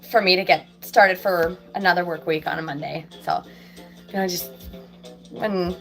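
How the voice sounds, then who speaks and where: A woman's voice: mid-range voice, fairly bright tone. A woman in her thirties or forties, a fabricator and vlogger, chatting casually to viewers from a small office in her workshop; she sounds stuffy from a cold and rambles with many ums. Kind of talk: casual live chat to viewers. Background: faint country music playing.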